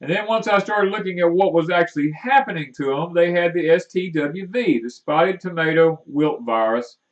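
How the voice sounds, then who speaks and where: A man rambles in a folksy way through gardening talk on a homestead live stream, stumbling over fillers as he goes. His voice sits a little high for a man. He is picked up from a distance, and the sound is dull and muffled. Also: moderate pace. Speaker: homestead livestream co-host. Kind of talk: casual live-stream chat.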